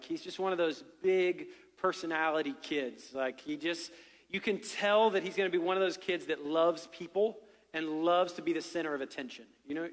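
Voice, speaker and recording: High-voiced pastor in a big hall. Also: male voice, a bit bright. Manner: chatty, joking, many "right?" asides. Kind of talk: sermon. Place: church sanctuary.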